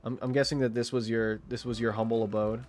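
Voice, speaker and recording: A man's voice: mid-range voice, little pitch movement, fast, darkish tone, soft background music. A young man streaming a game, chatting in a rambling, crude, giggly way. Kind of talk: casual chat while streaming a game.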